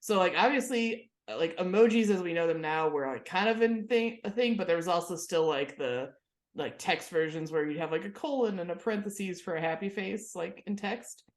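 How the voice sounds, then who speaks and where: A woman's voice: on the low side, expressive, moderate pace, echoey room. A woman in her thirties co-hosting a podcast, telling stories in a chatty way with plenty of fillers and laughs. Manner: chatty storyteller, lots of "like" and laughs. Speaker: podcast co-host. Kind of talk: casual chat.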